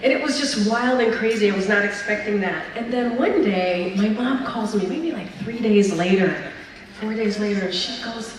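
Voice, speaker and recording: A woman speaking as the featured guest at an event, telling stories in a lively, chatty way. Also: medium pitch, moderate pace, a little hiss or hum. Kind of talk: speech and onstage Q&A. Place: large event hall at a brunch. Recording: echoey hall, mic picked up from a distance.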